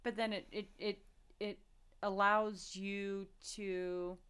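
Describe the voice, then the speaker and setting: A woman's voice: mid-range voice, level tone, slow, a bit bright, clear, resonant tone. A woman co-hosts a podcast in loose, casual chat. She rambles expressively, restarting her thoughts and dropping slangy asides. Her voice sits in a middle register. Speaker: podcast co-host.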